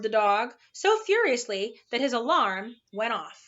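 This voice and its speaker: A woman reads a children's storybook aloud, expressive and animated. Her voice is bright and a bit high, and the recording is dull and lo-fi. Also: unhurried, few pauses. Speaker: narrator.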